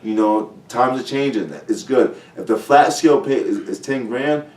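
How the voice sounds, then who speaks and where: A man talking as a guest fighter in a casual podcast chat, blunt and profane with animated storytelling. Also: mid-range voice, normal speed. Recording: roomy sound from a distant mic.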